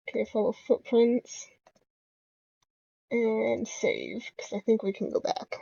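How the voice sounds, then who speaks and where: A woman's voice: on the high side, wildly swooping pitch, slow pace, vocal fry, mellow, no room sound. A young woman reading a dating game's text aloud, with casual asides. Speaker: game player reading aloud. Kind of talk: let's-play narration. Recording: dull lo-fi home recording.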